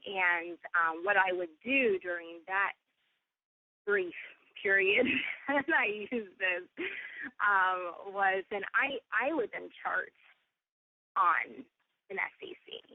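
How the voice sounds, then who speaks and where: A woman's voice: mid-range voice, takes it slowly, dry recording. A woman co-hosting a podcast, chatting casually with many fillers. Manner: chatty, filler-heavy, laughing easily. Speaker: podcast co-host. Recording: tinny phone-like sound.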